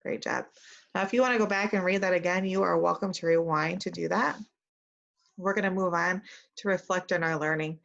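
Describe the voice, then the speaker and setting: A woman teacher giving an early reading lesson to young children, reading sentences slowly and modelling how to sound out words. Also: lowish voice, steady tone, gravelly, fairly bright tone. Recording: dull lo-fi recording.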